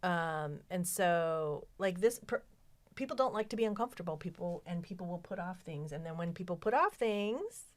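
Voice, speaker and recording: A woman hosting a casual book club chat on a podcast, talking in an animated way. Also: on the low side, normal speed. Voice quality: animated, mimics voices when quoting others. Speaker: podcast host.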